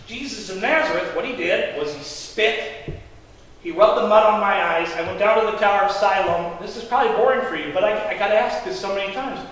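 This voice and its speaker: Pastor doing the young man born blind, high voice, lots of laughs, really echoey church from far off. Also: slight background noise. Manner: animated, laughing storyteller addressing the congregation. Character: young man healed of blindness, amazed and amused. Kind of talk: first-person dramatic monologue. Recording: echoey hall, voice from a distance.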